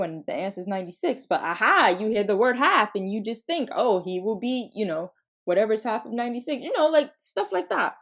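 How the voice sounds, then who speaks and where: Animated young woman telling funny stories. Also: mid-range voice. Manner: animated, laughing, casually profane. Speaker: podcast host. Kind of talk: casual comedic storytelling.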